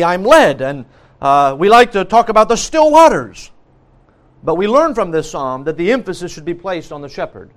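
A man preaching a sermon, earnest, repeating key phrases with frequent restarts and fillers. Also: a little high.

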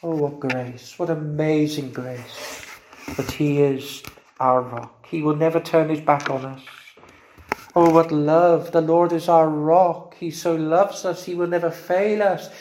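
A man preaching a sermon, slow and fervent, rising into repeated exclamations. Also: fairly high pitch, steady tone, slight background noise. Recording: roomy echo.

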